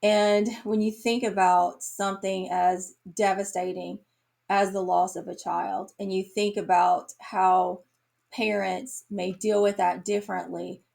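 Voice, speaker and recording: A woman reviewing books on her vlog, talking in a slow, earnest and emotional way, tearing up at times. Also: mid-range voice, creaky, a little mellow. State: tearful. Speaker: book reviewer. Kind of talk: casual book review vlog.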